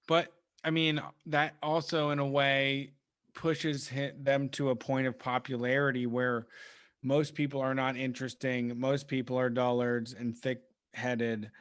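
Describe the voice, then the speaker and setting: A man co-hosting a podcast, blunt and profane as he lays out his opinions. He has a mid-pitched voice. The recording is dry and close. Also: little pitch movement, measured pace, fairly bright tone, clear, resonant tone, no echo. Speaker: podcast co-host. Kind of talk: casual chat.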